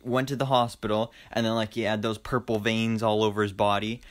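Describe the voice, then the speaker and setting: A man's voice: lowish voice, level tone, brisk. Eager young man rambling through a review. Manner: enthusiastic, rambling, many fillers and restarts. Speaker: movie reviewer. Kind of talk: casual spoken review.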